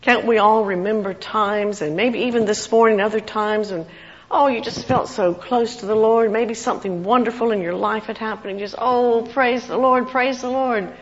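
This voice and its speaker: A woman's voice: mid-range voice, moderate pace. A woman giving an informal sermon, reading scripture expressively and chatting with the congregation. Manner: expressive, reads scripture with rising emotion. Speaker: lay preacher. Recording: muffled, echoey hall.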